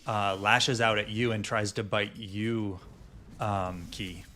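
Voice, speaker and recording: A man's voice: fairly low pitch, fairly even intonation, slow pace, slight background noise. A man running a tabletop fantasy game as dungeon master, narrating and checking rules with many fillers. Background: soft fantasy music.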